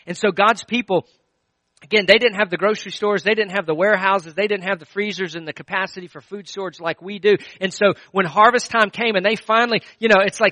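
A middle-aged male pastor preaching a sermon in a conversational, storytelling way, with frequent restarts and swings between loud and hushed. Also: high voice, steady tone, fast, no echo, low-quality recording.

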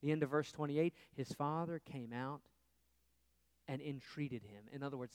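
A man preaching a sermon as pastor, earnest, rising to emphatic peaks and dropping to hushed asides. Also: on the high side, steady tone, normal speed, clear, resonant tone, dry recording.

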